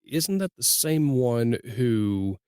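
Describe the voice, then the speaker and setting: A man's voice: medium pitch, big pitch swings, slow, a little mellow, clear, resonant tone, no echo, studio quality. Folksy man hosting a podcast. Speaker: podcast host.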